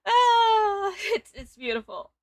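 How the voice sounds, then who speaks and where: A woman's voice: extremely high pitch, very animated, slow pace, no echo. A woman in her twenties hosting a casual stream, giggling often and reading chat messages aloud. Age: 20s. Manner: giggly, talks over guest. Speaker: streamer host.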